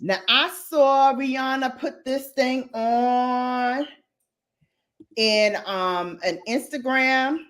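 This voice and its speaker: A woman hosting a casual live stream, chatting with viewers and ranting in an animated, slangy way with lots of laughter. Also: high voice, drawn-out words. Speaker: livestream host. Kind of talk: casual live chat and rant.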